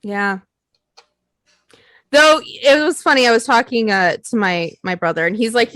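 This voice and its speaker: A woman's voice: a little high, normal speed, long pauses, fairly bright tone, no echo. A young woman co-hosting a casual podcast chat, self-deprecating and swearing, laughing often and acting out her own quotes. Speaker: podcast co-host.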